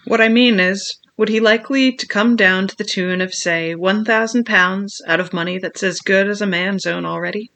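A reader voicing a wild, shrewd old marooned sailor man who speaks in a slow seafaring dialect in an audiobook. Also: mid-range voice, pushed and bright. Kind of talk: audiobook character voice.

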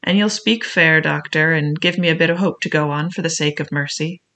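Silver, a wily one-legged pirate cook, as a reader puts him on. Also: male voice, on the high side, fairly even intonation, a little fast, sharp tone. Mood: pleading. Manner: rough seafaring speech, pleading then bold.

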